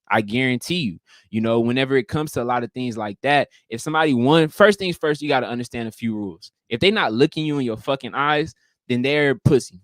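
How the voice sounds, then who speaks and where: A man's voice: mid-range voice, no echo. A man hosting a casual livestream, talking in a profane, emphatic way and acting out greetings. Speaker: livestream host.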